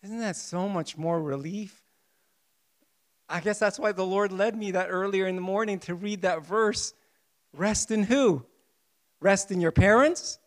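A man preaching a sermon with passion, acting out prayers and swinging between hushed pleading and loud emphasis. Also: sits high, unhurried, long pauses. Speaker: pastor.

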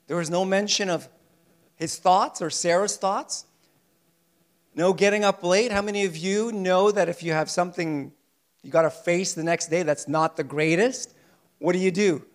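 High-voiced male preacher, animated, plays out the story's lines. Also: normal speed. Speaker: pastor. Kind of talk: sermon.

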